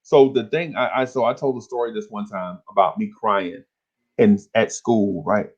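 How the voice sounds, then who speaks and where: A man, co-hosting a podcast and telling an animated story in casual chat. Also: fairly low pitch, moderate pace, slightly rough, highs cut off. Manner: animated storyteller, acts out voices, laughs along. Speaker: podcast co-host.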